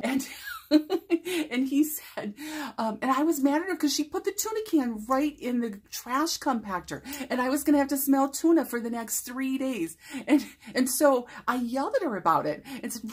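A woman speaker telling a story casually, animated and laughing often as she acts out what people said. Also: fairly high pitch, normal speed, breathy edge. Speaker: motivational speaker.

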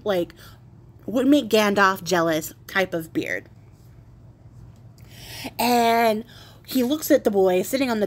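A woman host retelling a fairy tale in a wry, chatty way, with laughs and the odd swear. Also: a little high. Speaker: craft video host.

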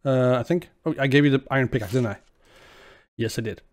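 A man's voice: mid-range voice, brisk, a little mellow. A man hosting a let's play, chatting casually as he plays and talking to the characters in the game. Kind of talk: casual gameplay commentary.

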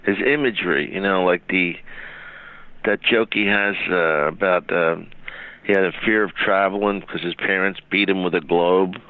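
A man's voice: low-pitched, fairly even intonation, moderate pace, clear, resonant tone, phone-quality sound. A man hosting a casual comedy chat, telling rambling anecdotes with lots of fillers. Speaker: host. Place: comedy club stage.

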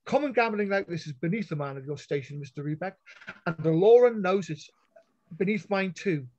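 A bold young noblewoman speaks up in a high, clear voice that sits above the crowd, as a male reader puts her on. She is firm and sure of her rights. The sound is dull and lo-fi, like an online call. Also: animated, normal speed, a little mellow. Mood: commanding.

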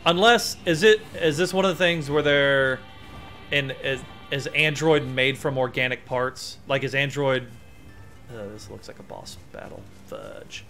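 A man streaming a video game, chatting in a rambling, excitable way as he plays. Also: mid-range voice. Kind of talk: let's play commentary. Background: faint game music.

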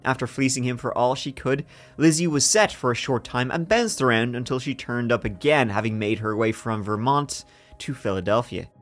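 A podcast co-host tells a true-crime story in a casual, joking manner, laughing between parts of the story. His voice is mid-range and moderately paced, with faint music playing behind him.

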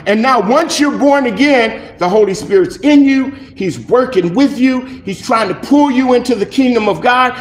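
High-voiced male pastor preaching. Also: moderate pace, hardly any pauses, echoey room. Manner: animated, conversational preaching, acts out dialogues. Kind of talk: sermon. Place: church.

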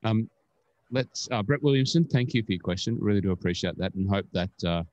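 Australian man, very low voice, chatty and rambling, dry close sound. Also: brisk, darkish tone, dry recording, dull audio. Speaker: podcast co-host. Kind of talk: casual podcast chat.

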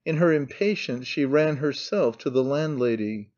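A man narrating an audiobook in a measured, even storytelling manner. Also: mid-range voice, muffled recording. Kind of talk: scripted narration.

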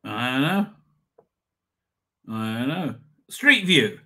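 Chatty, bright-voiced man. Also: mid-range voice, very animated, slow pace. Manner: rambling, swears, chuckles often. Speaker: livestream host. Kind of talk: casual live chat reading comments.

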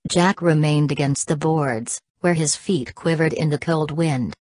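A woman's voice: sits low, unhurried, a little mellow, no room sound, studio quality. A woman narrating an audiobook, reading every punctuation mark aloud. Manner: reads punctuation marks aloud.

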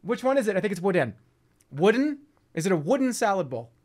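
Excitable, loud man streaming. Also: high-pitched, fast. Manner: excitable, loud outbursts, swearing, laughing. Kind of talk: casual live-stream chatter.

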